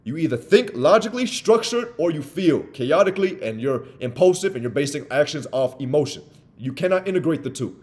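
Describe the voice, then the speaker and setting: Energetic young man coaching on sales. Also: a little high, brisk. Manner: energetic, acts out sales dialogues in varied voices. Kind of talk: motivational talk to camera.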